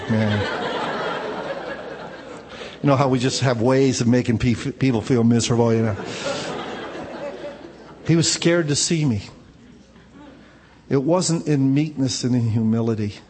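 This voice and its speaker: A male pastor with a mid-range voice gives a conversational sermon in a large hall against a noisy background. He relates personal stories casually and keeps dropping in "man" as an aside.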